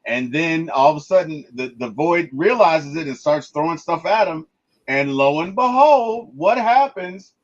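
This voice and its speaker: A man gives a casual movie review in an emphatic way, often stammering and restarting as he retells what happens on screen. His voice sits a little high for a man. The recording is dull and lo-fi. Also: animated, measured pace.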